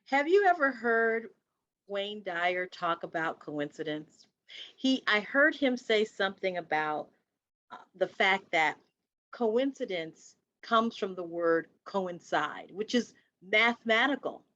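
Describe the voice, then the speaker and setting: A woman's voice: medium pitch, animated, slow, fairly bright tone, no echo. A woman co-hosting a podcast in casual conversation, reflective and repeating phrases for emphasis. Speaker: podcast co-host. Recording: dry, dull lo-fi sound.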